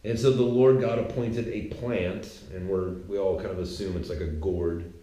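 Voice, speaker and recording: A man casually retelling a Bible story in a slangy, animated, conversational way. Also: fairly low pitch, normal speed. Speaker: podcaster. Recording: echoey room.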